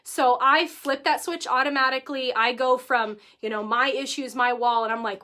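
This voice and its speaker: A woman in her thirties, a vlogger telling a personal story to camera, lively and emotional, acting out the quotes. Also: a little high, unhurried. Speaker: vlogger giving life advice.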